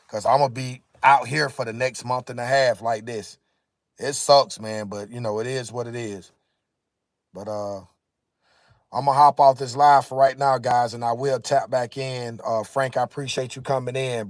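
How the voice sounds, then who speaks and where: A man speaks to his livestream viewers from inside a car, sounding exhausted and close to tears. His voice sits at an ordinary middle pitch and his talk is loose and full of slang. The sound is dry and close, with no room echo. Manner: tired, weary slang-heavy talk. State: exhausted, tearful. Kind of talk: casual livestream chat with viewers.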